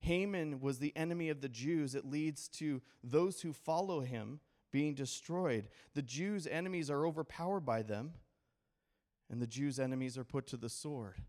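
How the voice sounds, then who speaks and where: A male pastor from Idaho delivers a sermon in a high, light voice. He talks to the congregation directly, tossing out questions for them to answer and slipping in jokes between scripture readings. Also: moderate pace, a little mellow. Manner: conversational preaching with call-and-response questions and humor.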